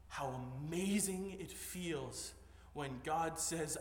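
A male pastor preaching a sermon, moving between hushed storytelling and rising, emphatic preaching. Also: fairly high pitch, animated, takes it slowly, hardly any pauses, slight background noise. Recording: echoey hall, voice heard from a distance.

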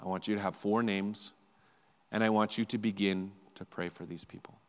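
A male pastor giving a sermon in a conversational, animated storytelling way, often repeating words as he goes. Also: fairly low pitch, moderate pace, big-room sound.

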